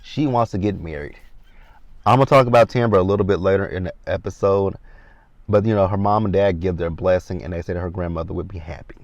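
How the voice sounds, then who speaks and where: Chatty low-voiced man recapping in a car. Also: fast talker, dry recording. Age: 30s. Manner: chatty, talks straight to viewers as "you guys". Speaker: TV show recap vlogger. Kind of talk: casual rambling episode recap. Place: inside a parked car. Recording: dull lo-fi recording, dry.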